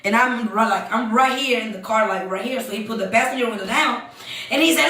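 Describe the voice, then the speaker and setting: A young woman hosts a live stream, telling a dramatic story in an animated, profane way and addressing her chat again and again. Her voice sits high and sounds bright and sharp. The room adds a noticeable echo. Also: fairly quick. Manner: animated, swears freely, keeps addressing the chat. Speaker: livestream host.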